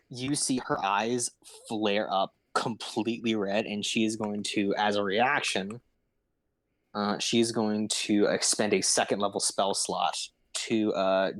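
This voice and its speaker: A man narrates a tabletop game as game master, pausing often on fillers while he adds up dice. His delivery is slow and unhurried. The sound is dry and close to the mic. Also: lowish voice, dry recording, rough recording. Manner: halting, many fillers, tallies dice aloud.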